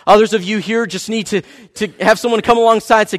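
A man preaching a sermon as pastor, earnest and pleading, often dropping to a hush. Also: high voice, steady tone, quick pace. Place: large church sanctuary. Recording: reverberant church hall.

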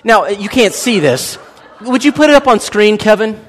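A man in his thirties preaching a sermon as a pastor, animated and joking as he tells a family story. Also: sits high, normal speed. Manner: animated, joking, acts out voices in anecdotes. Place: church hall. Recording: long hall reverb.

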